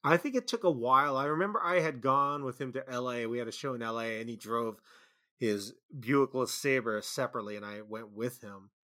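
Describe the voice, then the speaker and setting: Bright-voiced man telling loose anecdotes. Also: medium pitch, a little fast. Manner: rambling anecdotes with frequent fillers and laughs. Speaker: guest musician and label founder. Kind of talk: casual interview storytelling.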